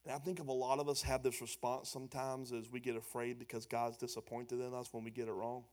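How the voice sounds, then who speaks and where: Quick-paced and mid-range in pitch, a man preaches as pastor. At first he is animated, loud and emphatic, and then he grows quieter and more conversational.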